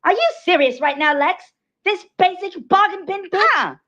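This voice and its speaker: A woman voicing a sassy female villain in an animated parody sketch, firing off rapid, profane roasting insults. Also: very high voice. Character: sassy female villain trading trash talk. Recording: dull lo-fi sound.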